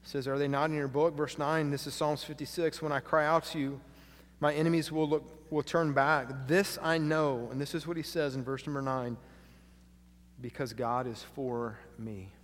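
A man's voice: fairly high pitch, steady tone, normal speed. Preaching man with a long hall echo. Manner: swings from hushed to loud and emphatic. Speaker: pastor. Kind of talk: sermon. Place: church sanctuary.

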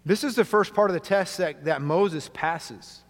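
A male pastor preaching a sermon to a congregation, earnest, often dropping quietly for emphasis. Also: high-pitched, measured pace. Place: church sanctuary. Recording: long hall reverb.

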